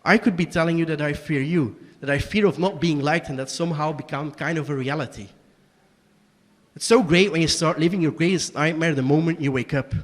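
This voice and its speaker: A young man performing a one-man tragicomedy on a small stage, shifting between quiet confession and angry outbursts. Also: on the high side, brisk, in a large hall. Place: small basement performance space.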